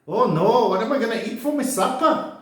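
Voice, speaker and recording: A man's voice: extremely high pitch, animated, a little fast, fairly bright tone, heavy reverb, pitched above the performer's own voice. A man putting on a Glaswegian chip shop customer. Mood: pleading. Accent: put-on Glaswegian. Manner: hesitant, stammering. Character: hungry Glasgow man at a chip shop counter.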